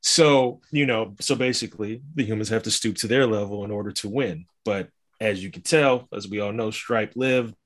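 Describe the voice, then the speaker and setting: A man's voice: fairly low pitch, normal speed, few pauses. Rambling man chatting about movies. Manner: animated, rambling, many fillers. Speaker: podcast co-host. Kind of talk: casual movie discussion.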